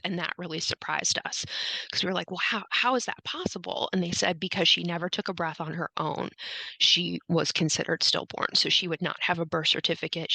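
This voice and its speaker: A woman's voice: fairly low pitch, gravelly, sharp tone, dry recording, poor audio. A woman guest on a podcast, telling her story in conversation and often quoting herself and others.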